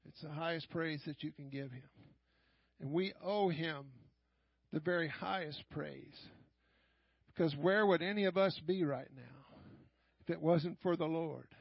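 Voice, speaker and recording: An older man leading fervent prayer and preaching at a church service, often shouting and repeating lines of praise. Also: high-pitched, dry recording, highs cut off.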